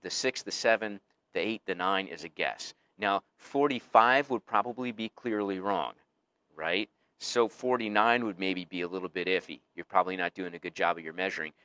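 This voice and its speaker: A man's voice: sits low, normal speed, bright, forceful tone, clean tone, no room sound. A male teacher giving a casual recorded lecture, explaining things conversationally with frequent fillers.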